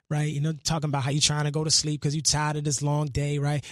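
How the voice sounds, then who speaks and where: A man's voice: fairly high pitch, monotone, fast, a little mellow, dry recording. Earnest New man in a dry studio. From Brooklyn, New York. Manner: earnest, reflective, slangy, half-recites lyrics. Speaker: guest musician. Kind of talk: casual interview chat. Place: radio studio.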